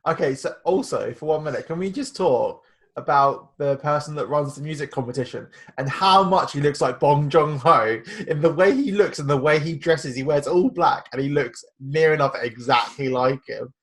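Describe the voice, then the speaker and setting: Giggly man with a slightly high voice. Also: moderate pace. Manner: laughs often, teasing. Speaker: podcast co-host. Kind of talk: casual film review chat.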